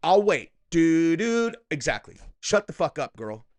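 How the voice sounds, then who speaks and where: Middle-aged guy ranting on his commentary show, swears a lot, mocks people, voice sits a bit high for a man. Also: very animated, unhurried. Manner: profane, combative, mocking. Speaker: political commentary host. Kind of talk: reaction commentary rant.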